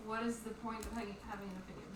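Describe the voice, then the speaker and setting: Fast-talking woman, off-mic in a roomy space. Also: medium pitch, level tone, recorded from a distance, heavy background noise. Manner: quizzing, playful. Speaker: visitor to the stream room.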